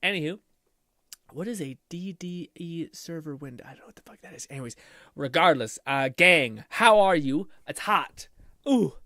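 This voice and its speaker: A man's voice: fairly high pitch, expressive, normal speed, pushed and bright, no room sound, clean studio sound. A man live streaming from his home computer, chatting casually with viewers and rambling and swearing while he troubleshoots his PC.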